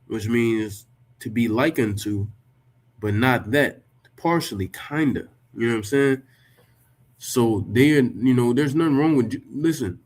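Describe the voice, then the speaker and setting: This man, a religious commentator, has a medium-pitched, somewhat dark voice. Reacting to a written text he reads out, he argues against it emphatically, cursing liberally and piling on rhetorical questions.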